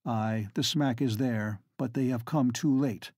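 A man narrating a novel as an audiobook in a measured, dramatic storytelling manner. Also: mid-range voice, a little mellow, dry recording, clean studio sound. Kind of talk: scripted narration.

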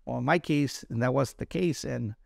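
A man with a gravelly voice, recorded dry and close, tells his story as a guest on a candid interview. He is from East Los Angeles and talks bluntly and profanely, often stumbling over repeated words. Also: mid-range voice, normal speed, a little mellow, no room sound. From East Los Angeles, USA. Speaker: interview guest, Army combat veteran.

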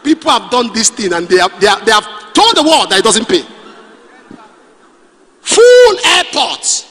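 A middle-aged Nigerian man preaching a sermon, animated and storytelling, with pidgin asides. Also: high voice, fast, long reverb tail. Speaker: pastor.

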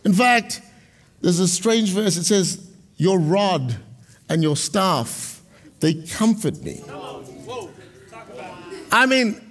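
A middle-aged male pastor preaching a sermon, moving between loud proclamations and quiet, chatty storytelling. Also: very animated, slow pace, pauses often. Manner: dynamic preaching, swings from loud proclamations to low storytelling asides.

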